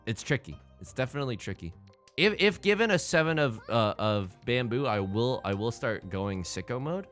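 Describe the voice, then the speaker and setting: A young man hosting a game let's play, talking through his moves with jokes and big swings between excited yelling and low muttering. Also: normal speed, soft background music. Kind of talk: game commentary.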